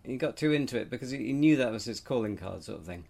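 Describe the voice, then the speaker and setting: A man co-hosting a podcast, spinning absurd stories in a rambling, deadpan way with frequent restarts. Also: medium pitch, fast, creaky, a crowd in the background. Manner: rambling, restarts mid-sentence, spins absurd stories with a straight face. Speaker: podcast co-host. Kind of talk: deadpan comic chat.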